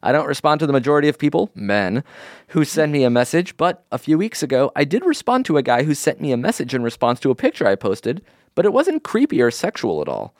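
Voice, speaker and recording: A podcast host chatting casually and reading out a listener's letter, wry and quick to laugh. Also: mid-range voice, dry recording, clean studio sound. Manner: lively, laughs often, wry.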